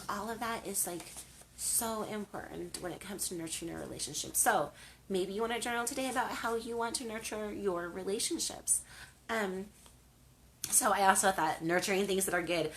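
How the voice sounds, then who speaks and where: A woman's voice: medium pitch, vocal fry, fairly bright tone, slight background noise. Older woman telling a heartfelt story. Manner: earnest and storytelling, with many fillers and restarts. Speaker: host. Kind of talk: casual faith and lifestyle talk.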